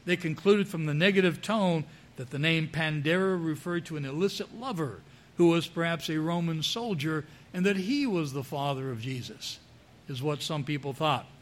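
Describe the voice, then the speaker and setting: A male preacher working through a passage of scripture in a sermon. His voice sits a little high for a man. He reads each verse aloud and then stops to explain it. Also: moderate pace, slight background noise.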